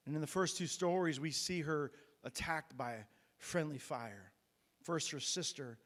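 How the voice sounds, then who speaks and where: A man's voice: on the high side, in a large hall. A man preaching a sermon as pastor, retelling a Bible story in a conversational way with frequent restarts and fillers. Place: church sanctuary.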